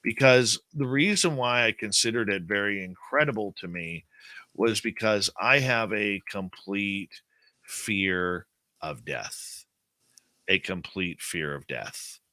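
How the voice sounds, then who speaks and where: A man's voice: on the low side, slow pace, no room sound. A man telling a personal story as a guest in an interview, acting out what was said. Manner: animated personal storytelling, acts out quotes.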